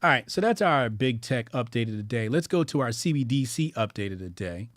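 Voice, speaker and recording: A man hosting a livestream in a casual, slangy, profane way, chatting straight to his viewers. His voice sits at an ordinary middle pitch and keeps jumping from loud excitement to quiet mumbles. The sound is close and dry, with no room echo. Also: fairly quick. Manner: loose and animated, swings between loud excitement and low mumbling. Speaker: streamer and news commentary host.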